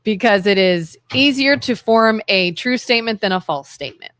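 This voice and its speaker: A woman's voice: mid-range voice, normal speed, fairly bright tone, no room sound. Woman with ohio accent, chatty radio co-host, storytelling, dry close sound. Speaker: radio talk show co-host. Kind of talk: casual conversational talk. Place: radio studio.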